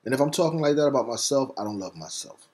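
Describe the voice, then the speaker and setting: A man hosting a talk segment, delivering a fiery, preacher-like monologue. He spells words out letter by letter and swings between rapid bursts and slow, stressed words. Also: medium pitch, lively intonation, a little mellow. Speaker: host. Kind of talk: impassioned monologue.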